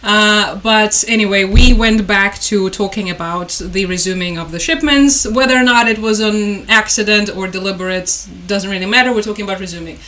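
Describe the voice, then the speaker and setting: A woman's voice: medium pitch, moderate pace, few pauses, sharp tone. A woman from Ukraine, giving chatty, sarcastic news commentary on a vlog. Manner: chatty, sarcastic, laughs often.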